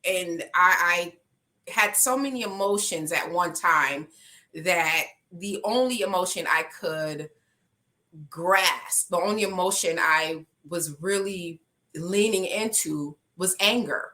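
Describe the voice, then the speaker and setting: A woman's voice: on the low side, takes it slowly, bright, forceful tone. Emotional woman coach sharing testimony. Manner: heartfelt, emotional, rising to passionate pleading. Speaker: life coach. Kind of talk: podcast testimony.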